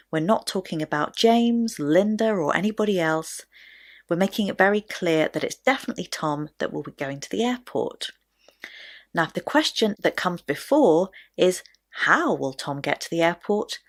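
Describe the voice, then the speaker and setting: A woman teaching a pronunciation lesson in a clear, deliberate way, stressing key words. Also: fairly low pitch, lively intonation. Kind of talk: scripted lesson to camera.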